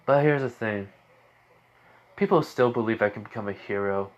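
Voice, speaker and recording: Teen boy hero, calm, protective, low and firm, voiced by a man, fan story. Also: normal speed, highs cut off, natural voice. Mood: stern. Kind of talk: improvised fan story reading.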